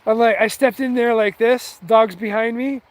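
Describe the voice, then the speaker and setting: A man's voice: extremely high pitch, steady tone, normal speed. A man telling a rambling, heated story with lots of swearing, in a casual, offhand way. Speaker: vlogger.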